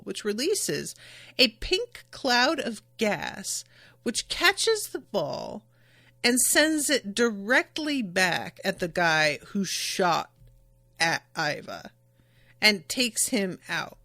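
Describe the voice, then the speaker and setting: Woman, podcast host, chatty recap, slow pace, dry close mic. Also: mid-range voice, bright, forceful tone, no room sound. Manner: chatty, enthusiastic, many fillers. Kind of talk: recapping an anime episode.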